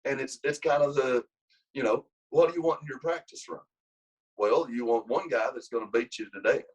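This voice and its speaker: Mid-range, normal pace, slightly rough, low-quality audio: that's this wrestling coach. Telling a long interview story, he rambles, restarts his sentences a lot, and becomes animated when quoting others.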